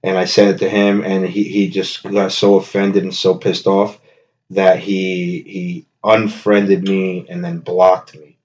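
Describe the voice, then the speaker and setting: A man's voice: sits low, little pitch movement, unhurried, darkish tone, muffled recording. A man hosting a comedy podcast from his home kitchen, rambling with joking bravado and constant self-corrections. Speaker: podcast host.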